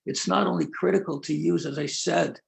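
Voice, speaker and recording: An older man, a rabbi, telling stories in an earnest conversational talk, pausing and restarting often. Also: a little high, steady tone, creaky. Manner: earnest storytelling with many pauses and restarts. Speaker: rabbi and prison outreach leader.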